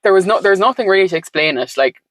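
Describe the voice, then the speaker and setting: A woman's voice: mid-range voice, lively intonation, fast talker, dry recording, rough recording. Reflective woman with dry sound. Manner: reflective, meandering, frequent "like" and "um" fillers. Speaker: podcast guest. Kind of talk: conversational storytelling.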